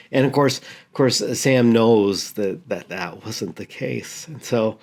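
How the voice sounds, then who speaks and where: A man, a pastor, telling a story in a sermon, halting and repeating words earnestly. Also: fairly low pitch, darkish tone.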